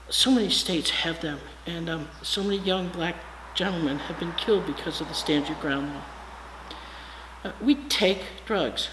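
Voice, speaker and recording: A guest preacher reading a storybook aloud and then preaching an earnest, measured sermon built on pointed lists. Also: mid-range voice, fairly bright tone. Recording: echoey hall, faint hiss.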